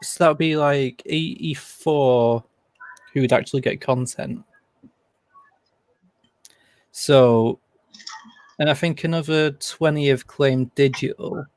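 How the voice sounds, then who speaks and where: A man's voice: mid-range voice, fairly even intonation, takes it slowly, long pauses, darkish tone, dry recording. A man joining a livestream over a video call, chatting casually with dry, self-deprecating humor. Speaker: guest on a live stream. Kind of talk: casual chat.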